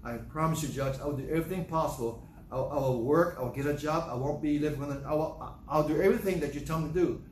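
A man acting out a frightened young man who begs a judge for mercy, speaking softly with stammers. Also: a little high, fast talker, roomy sound, a little hiss or hum, lightly acted. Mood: pleading. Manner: soft, stammering, pleading.

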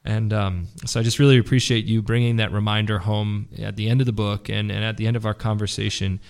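A man hosting an interview, asking measured questions and reflecting aloud. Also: on the low side, fairly even intonation, vocal fry, clean tone. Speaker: interview host. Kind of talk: conversational interview.

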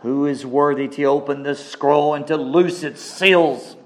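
A man's voice: on the high side, steady tone. A man preaching a sermon, emphatic and repetitive, his voice climbing on key phrases before dropping back. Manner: slow, emphatic preaching with rising outbursts and repeated phrases.

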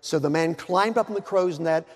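Male preacher, high gravelly voice, dramatic sermon with joking asides, reverberant hall. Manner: dramatic, slows down to stress words, joking asides.

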